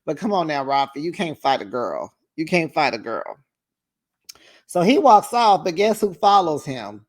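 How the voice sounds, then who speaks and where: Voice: mid-range voice, expressive, a little slow. A reality TV recap host giving casual, sassy commentary and calling listeners honey and child.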